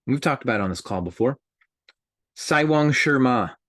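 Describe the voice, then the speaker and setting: A man hosting a group call, talking in an animated way and speaking straight to his listeners. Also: lowish voice, very fast, slightly rough, dry recording, studio quality. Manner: animated, addresses listeners directly. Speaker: host. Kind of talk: motivational group call talk.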